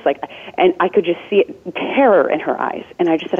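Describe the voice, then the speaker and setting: A woman's voice: low-pitched, normal speed, breathy edge. Earnest woman on a tinny phone line. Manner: earnest, chatty, with many "like"s. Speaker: death doula and nurse. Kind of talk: conversational interview answers.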